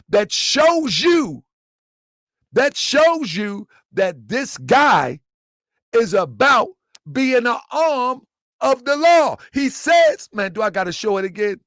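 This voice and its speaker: A man's voice: extremely high pitch, very animated, takes it slowly, a bit bright, no echo. A man hosting a live commentary, talking emphatically, repeating his points and quizzing his listeners. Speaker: commentary channel host.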